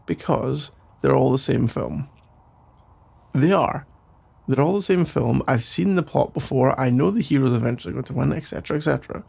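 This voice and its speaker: Man doing a gravelly sleepy boyfriend, whispered role-play. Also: mid-range voice, normal speed. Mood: teasing. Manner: soft sleepy voice, playful rambling. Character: caring, rambling boyfriend putting partner to bed. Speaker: ASMR role-play creator.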